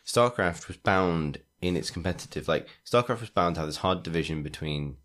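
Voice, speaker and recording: Deep-voiced rambling podcast co-host man. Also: a little fast, fairly bright tone. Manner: rambling, restarts sentences, laughs often. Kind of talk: casual chat.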